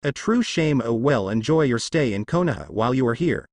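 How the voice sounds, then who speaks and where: A man playing a weary male village leader who asks measured, cautious questions, with a lively pitch. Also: no room sound, clean studio sound, close to an everyday voice. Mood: cautious questioning.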